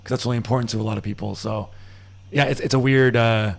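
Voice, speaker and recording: A man from the United States, a podcast guest, talks at a quick clip. His voice has a gravelly edge, and he chats along agreeably. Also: medium pitch, steady tone. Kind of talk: casual podcast chat.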